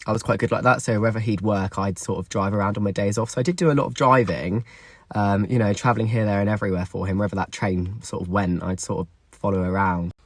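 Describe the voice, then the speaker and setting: A man's voice: low-pitched, no room sound. A young man candidly telling a personal story to camera, emotional and confessional, swearing often. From England.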